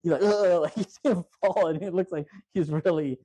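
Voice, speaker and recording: A man on a movie podcast, chatting casually and laughing as he retells scenes, putting on the characters' lines. His voice is mellow and dark, recorded dry and close with no room sound. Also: fairly high pitch, brisk, slightly rough, no echo. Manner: loose retelling, acts out quotes, laughs often. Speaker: podcast host.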